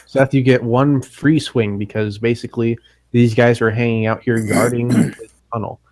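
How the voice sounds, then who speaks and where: A man narrating as game master in a tabletop game, describing the scene in a steady, matter-of-fact way. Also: medium pitch, normal speed, no echo, studio quality.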